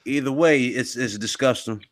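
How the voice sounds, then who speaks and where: A man hosting a casual gaming podcast, relaxed as he hands the mic to each panelist. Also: medium pitch, normal speed, no room sound. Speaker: podcast host. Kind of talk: casual podcast outro chat.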